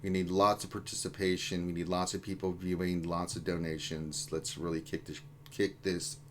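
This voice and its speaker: Male co-host, energetic and joking, reads chat live. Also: sits low, moderate pace, slight background noise. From Houston area, USA. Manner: energetic, jokey, hyping up viewers. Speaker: livestream co-host reading chat. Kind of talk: casual gaming livestream chat.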